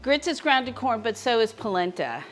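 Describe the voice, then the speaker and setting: A woman's voice: fairly high pitch, very animated, normal speed, fairly bright tone. Woman, cooking show host, chatty, talks to viewers while cooking, home kitchen, faint music. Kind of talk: live-streamed cooking demonstration.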